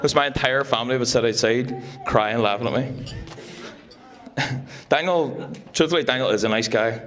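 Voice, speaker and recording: A man's voice: medium pitch, moderate pace, a bit bright. A young man giving a joking, teasing best man speech at a wedding. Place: wedding reception room.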